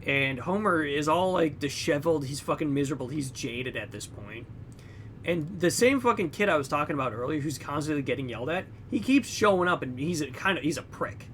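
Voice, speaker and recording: A young man with a slightly higher voice recaps a film in a casual podcast chat, tossing in filler words and jumping into loud, high character voices. His pitch moves a lot as he tells the story. Faint noise sits under the recording. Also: animated, brisk. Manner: heavy use of fillers like "like" and "you know". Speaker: podcast co-host.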